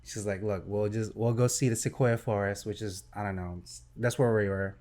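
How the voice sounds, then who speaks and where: Young guy on a podcast, telling a story all excited, doing little sound effects. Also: on the low side, normal speed. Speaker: podcast host. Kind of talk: casual storytelling chat.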